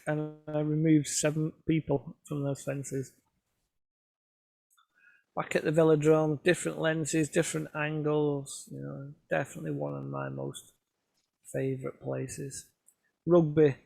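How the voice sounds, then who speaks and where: Give me a chatty man on a video call, slightly high voice. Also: unhurried, vocal fry, pauses often, darkish tone, no room sound. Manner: chatty, self-mocking storyteller. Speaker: photographer giving a club talk. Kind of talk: casual anecdotal presentation.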